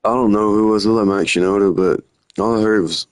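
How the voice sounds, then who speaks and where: A man's voice: on the low side, fairly even intonation, a little fast, no room sound. A young man rambling through slangy stories while live-streaming. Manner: rambling, slangy, drifting storytelling. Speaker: livestreamer.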